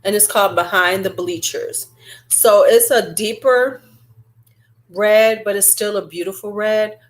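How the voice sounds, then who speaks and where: A woman vlogger in casual, chatty beauty-review talk, rambling with fillers and asides. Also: mid-range voice. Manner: chatty and animated, drawn-out fillers.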